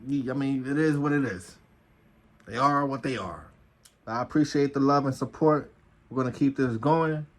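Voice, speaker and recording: A man's voice: medium pitch, moderate pace. Laid-back man telling a profane story. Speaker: vlogger, former officer. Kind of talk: casual storytelling.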